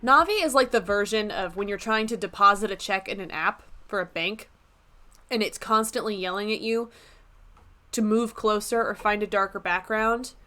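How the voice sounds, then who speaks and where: A woman's voice: medium pitch, normal speed, pushed and bright. A young woman streaming from her apartment desk, chatting casually with a playful, self-mocking manner. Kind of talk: casual live-stream chat.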